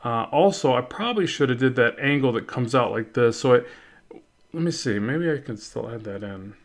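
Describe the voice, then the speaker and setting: A man's voice: medium pitch, animated, moderate pace. A man narrates a drawing lesson in an easygoing, conversational way. He thinks aloud as he works, second-guesses himself and corrects course as he goes. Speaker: art instructor. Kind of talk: casual drawing tutorial narration.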